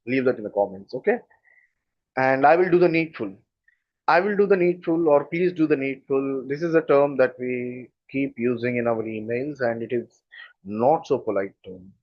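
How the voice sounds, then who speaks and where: A man's voice: mid-range voice, no room sound. A man from India teaches an online communication lesson in Telugu-influenced Indian English. He explains points step by step and keeps checking in with rhetorical questions. The recording is dry and slightly dull, like a close lo-fi mic.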